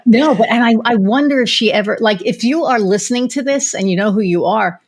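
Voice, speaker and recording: A woman hosting a podcast, telling stories in an animated, chatty way, with many fillers and restarts. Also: fairly high pitch, fairly quick. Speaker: podcast host. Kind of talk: casual conversational storytelling.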